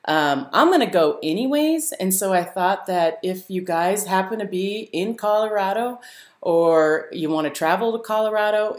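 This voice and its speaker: A woman hosting a live stream, telling a story to her viewers in a casual, animated way, laughing often and using many fillers. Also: lowish voice. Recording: roomy echo.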